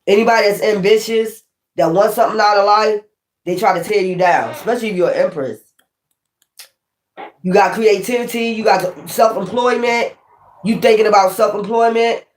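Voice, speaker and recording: A woman's voice: medium pitch, moderate pace. A woman giving a casual spiritual tarot reading, swearing often and repeating her points for emphasis. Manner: profane, emphatic and repetitive. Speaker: tarot reader. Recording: echoey room.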